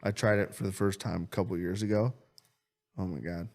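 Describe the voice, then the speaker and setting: Man, young adult, podcast co-host, casual chat, animated storytelling, frequent swearing, fairly low pitch. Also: fairly quick.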